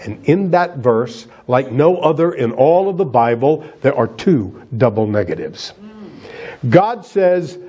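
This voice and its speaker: A man's voice: mid-range voice, sing-song, unhurried, mellow, husky, dull audio. A man preaching a sermon as pastor, emphatic and asking the congregation rhetorical questions.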